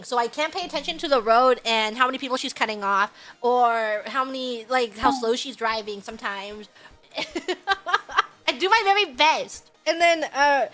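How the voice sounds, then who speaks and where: A young woman chatting with her stream about a story. She tells it in an excitable way, laughing often and breaking into loud outbursts. Her voice is very high and bright. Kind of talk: casual chat.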